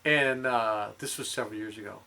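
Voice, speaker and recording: A man hosting a podcast, joking loudly in casual chat. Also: lowish voice, brisk, gravelly. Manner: loud, joking. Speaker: podcast host.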